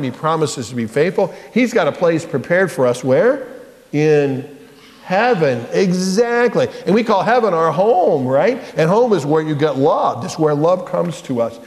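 A man's voice: on the high side, a little mellow. A male pastor leading a children's lesson in a church, coaxing the children to repeat lines after him in call-and-response. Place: church sanctuary. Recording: church hall reverb.

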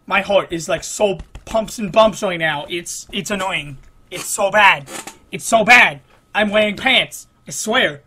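High-pitched, exasperated young gamer guy. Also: measured pace, bright, forceful tone, a little hiss or hum. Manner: exasperated, groaning, exclaiming. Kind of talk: frustrated gameplay commentary.

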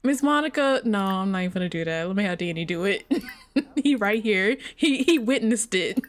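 A woman's voice: mid-range voice, lively intonation, moderate pace. A young adult woman giving casual let's-play commentary, chatting straight to her viewers and laughing often.

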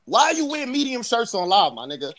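A man from New York with a New York accent, trash-talking loudly and boastfully as a guest on a livestream call. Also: very high voice, wildly swooping pitch, quick pace. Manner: brash, boastful, loud. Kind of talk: heated livestream trash talk.

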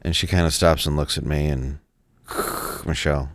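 Low-voiced man telling a story, halting. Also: fairly even intonation, no echo. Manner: halting, repeats words, quotes others. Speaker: show regular telling a story. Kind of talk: casual storytelling chat.

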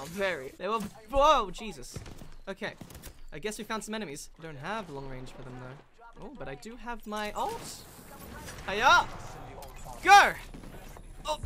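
A woman giving jumpy, excitable in-character commentary over gameplay, often breaking into shouts. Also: mid-range voice, background noise. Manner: jumpy, bursts into shouts and laughter. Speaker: gamer. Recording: loud gunfire from the game behind.

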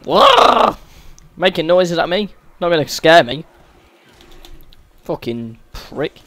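A man's voice: on the high side, takes it slowly. A man giving sweary, exasperated running commentary over a video game as a gaming channel host. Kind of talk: let's-play game commentary.

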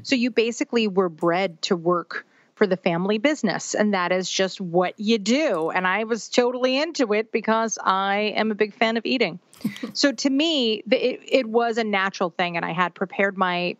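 A woman's voice: medium pitch, normal speed, no echo. Chatty New woman, dry dull sound. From New York. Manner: chatty and candid, laughs often, acts out quoted voices. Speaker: guest, author and twins parenting founder. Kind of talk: casual podcast interview storytelling.

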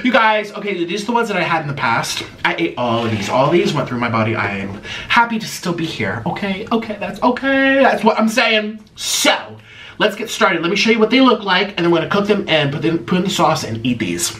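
A man's voice: high voice, sing-song, brisk, bright, forceful tone, a little hiss or hum. A man doing a sponsored vlog segment before a food challenge, chatting in a campy, theatrical, playful way. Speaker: mukbang vlogger.

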